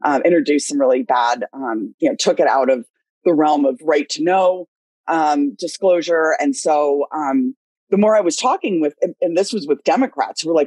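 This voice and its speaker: Woman, husky voice, dry close sound, candid and rambling, webinar discussion. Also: low voice, moderate pace, a little mellow, no room sound. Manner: candid, talks in long winding sentences. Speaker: legislative director and lobbyist.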